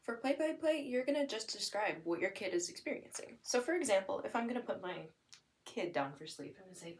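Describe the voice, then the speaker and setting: A woman's voice: medium pitch, brisk, far from the mic, a little hiss or hum, low-quality recording. Woman explaining child language strategies, a bit off-mic. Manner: explains plainly, then acts out lively sing-song examples for a child. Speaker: demonstrator of listening and spoken language strategies. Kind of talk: instructional explanation with acted parent-child examples.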